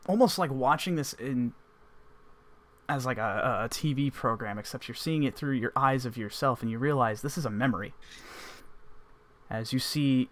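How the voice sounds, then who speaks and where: A man's voice: mid-range voice, fairly bright tone. Guy running a tabletop game, mid voice, rambly scene narration. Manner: descriptive, loose and rambling. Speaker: game master.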